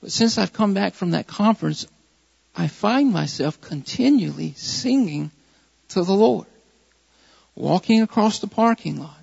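A man preaching a sermon in a high, gravelly voice that keeps coming back to its key phrases and builds in force. It is a dull, muffled recording with a long reverb trailing off his words in the church hall. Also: animated, a little slow, a little mellow. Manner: emphatic, repeats key phrases, builds in intensity. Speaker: pastor.

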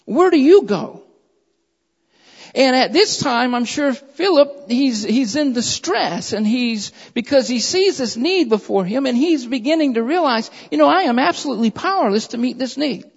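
A man preaching a sermon who reads scripture aloud in a measured way and presses his points with repeated phrases, calling his listeners beloved. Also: very high-pitched, vocal fry, husky. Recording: dull lo-fi recording in a reverberant hall.

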